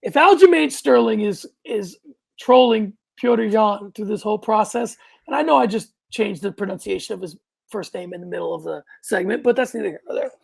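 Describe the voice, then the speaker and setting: Man, podcast co-host, gravelly voice, animated, rambling, loud outbursts. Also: sits high, fairly quick. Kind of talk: casual sports podcast chat.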